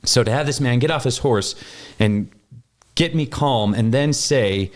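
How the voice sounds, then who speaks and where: Animated man telling a story. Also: measured pace. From Wyoming. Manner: animated, acts out quoted voices with big pitch jumps. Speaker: guest. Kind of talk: casual storytelling.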